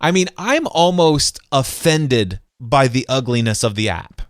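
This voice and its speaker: A podcast host with a medium-pitched voice tells stories with unhurried enthusiasm, acting out sounds and voices. He often restarts and stumbles over his sentences, and the studio-quality recording has no echo.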